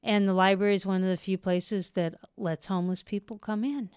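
A woman's voice: medium pitch, steady tone, fairly quick, a little mellow, smooth, no echo, studio quality. A middle-aged woman from Portland, a novelist, answering interview questions in an earnest, reflective way. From United States (Portland, Oregon). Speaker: novelist guest.

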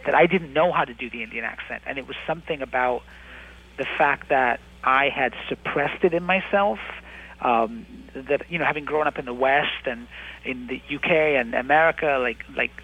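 A man's voice: mid-range voice, normal speed, husky, highs cut off. A man in his thirties, an actor, talking reflectively in an interview and often restarting his sentences as he thinks. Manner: thoughtful, many restarts and hedging fillers. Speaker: actor and writer, interview guest.

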